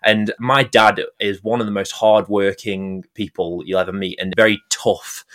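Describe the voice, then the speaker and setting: A man's voice: lowish voice, fairly even intonation, normal speed, fairly bright tone. A young man from Staffordshire, a guest on a podcast, talking in a candid, earnest way with a stuffy, nasal voice from a cold. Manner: earnest, candid, laughs easily. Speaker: guest, mental health advocate. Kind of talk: podcast interview.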